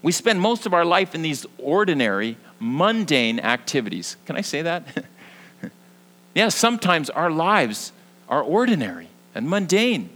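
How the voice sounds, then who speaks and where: A young man preaching a sermon as pastor, earnest, moving between lively emphasis and hushed, soft passages. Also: fairly high pitch, measured pace, poor audio.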